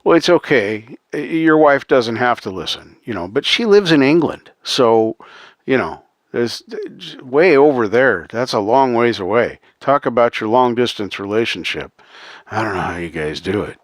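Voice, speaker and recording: A man's voice: mid-range voice, animated, moderate pace, no echo, clean studio sound. A man hosting a casual livestream, talking earnestly to his chat with many ums and uhs and frequent chuckles. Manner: chuckles often, reads out chat names. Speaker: livestream host.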